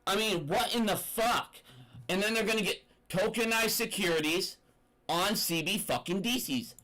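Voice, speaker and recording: A man's voice: sits high, moderate pace, bright, forceful tone, rough recording. A young man giving an angry, profane, rambling rant about finance. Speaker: finance commentator. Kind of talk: ranting commentary.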